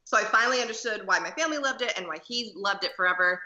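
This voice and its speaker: Very bright-voiced chatty young woman. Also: medium pitch, racing, echoey room, lo-fi sound. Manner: chatty, peppered with "like". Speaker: podcast guest. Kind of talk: casual interview chat.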